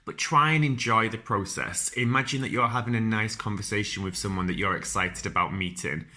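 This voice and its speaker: A man's voice: on the low side, brisk, pushed and bright. A young man with a strong Northern English accent giving casual careers advice as a podcast host, chatty and informal with frequent ums and restarts.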